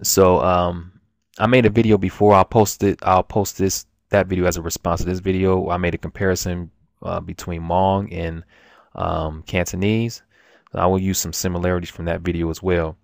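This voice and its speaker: A man's voice: sits low, level tone, moderate pace, creaky, a little mellow, no echo, clean studio sound. A man giving a casual, rambling language lesson at his computer, full of restarts and fillers. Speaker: language teacher.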